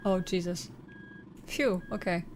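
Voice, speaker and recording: A woman's voice: lowish voice, fairly even intonation, slow pace, slight background noise. A woman hosting a stream, chatting casually and giggling as she coaches her partner through a co-op game. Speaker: streamer host. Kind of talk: casual co-op gaming chat.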